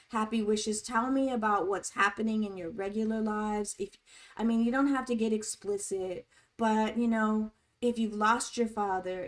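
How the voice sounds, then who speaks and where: A woman hosting a casual livestream chat, reading viewers' comments aloud and speaking to them in a supportive, encouraging way. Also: a little high. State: tearing up. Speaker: livestream host.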